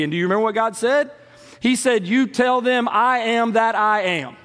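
A man delivers a sermon in a high, bright-edged voice, pushing key phrases slowly and climbing sharply in pitch when he stresses them. His words ring out in a long reverberant church hall. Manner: emphatic preaching with dramatic pitch swings and slow stressed lines. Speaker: pastor.

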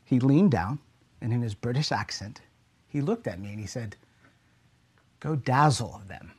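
A young adult man, a pastor from the United States, preaching a sermon with earnest storytelling that drops to a hush at key moments. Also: mid-range voice, lively intonation, normal speed, husky.

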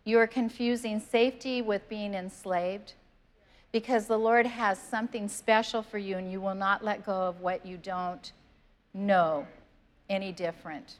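A woman's voice: medium pitch, fairly even intonation, a little slow. A woman pastor giving a sermon in church, earnest and conversational, reading scripture aloud. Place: church sanctuary.

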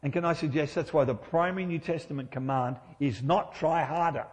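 A man's voice: a little high, a little fast, in a large hall. A middle-aged man preaching a sermon in church, conversational and humorous, often asking his listeners rhetorical questions.

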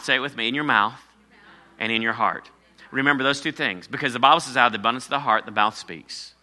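A man's voice: medium pitch, sharp tone. A man preaching a sermon to his congregation, emphatic and repeating key phrases for weight. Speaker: pastor.

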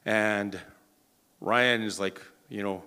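Animated male preacher telling a story. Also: lowish voice, slow pace, clear, resonant tone. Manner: animated, acts out quoted dialogue; frequent restarts and repeated words. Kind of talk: sermon storytelling.

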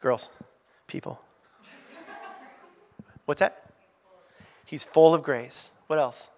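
Pastor, male, high voice, lively sermon delivery, reverberant church hall. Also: drawn-out words, vocal fry. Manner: animated, asks the congregation to call out answers. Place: church sanctuary.

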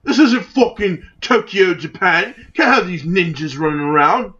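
A man's voice: medium pitch, very fast, pitched below the performer's own voice, lightly acted. A man putting on a rowdy cursing British bloke. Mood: outraged. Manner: profane, exaggerated, self-admittedly terrible British accent. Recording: lo-fi, dull sound.

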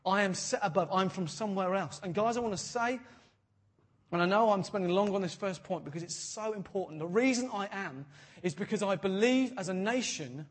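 A man in his thirties preaching a sermon as a pastor, animated and jokey, quoting voices and dropping to a hush for effect. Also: high-pitched, breathy edge. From Britain.

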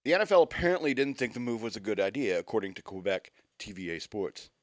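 A man's voice: lowish voice, big pitch swings, fast talker, no room sound, studio quality. A man hosting a radio show, reading news items aloud and adding wry, joking asides in casual banter.

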